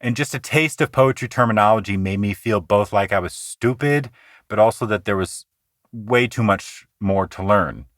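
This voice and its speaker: Earnest lower-voiced man teaching poetry. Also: fairly bright tone, no room sound, clean studio sound. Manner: earnest, explanatory, slows down to recite lines rhythmically. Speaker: podcast host teaching poetry. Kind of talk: explanatory poetry lesson.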